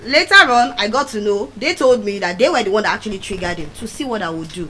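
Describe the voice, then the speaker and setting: A middle-aged woman with a Nigerian accent, giving a motivational speech as animated storytelling and repeating key phrases for emphasis. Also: mid-range voice, quick pace, slight background noise, poor audio. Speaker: motivational speaker. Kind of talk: public speech.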